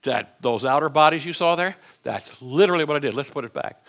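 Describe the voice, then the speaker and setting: A man's voice: fairly high pitch, lively intonation, a little fast, fairly bright tone. A middle-aged man, a minister, teaching a live lesson to a church audience in a conversational, plain-spoken way with frequent restarts.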